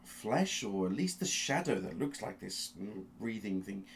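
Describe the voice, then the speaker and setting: Game master, male, deep and gravelly, slow suspenseful narration with restarts. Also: sing-song, noisy background. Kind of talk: dramatic second-person narration of a tabletop game.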